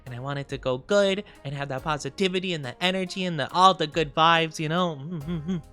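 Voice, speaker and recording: Bubbly streamer, casual chat with viewers, giggly and rambling, smooth clear voice, faint music behind. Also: medium pitch, a little fast, fairly bright tone. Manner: bubbly, giggly, playful, rambling with many fillers. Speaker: VTuber streamer.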